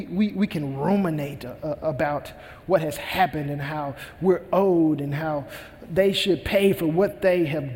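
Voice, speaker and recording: Male pastor, high voice, earnest emphatic sermon delivery, long church-hall reverb. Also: darkish tone. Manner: earnest preaching, retells a parable with emphatic repetition.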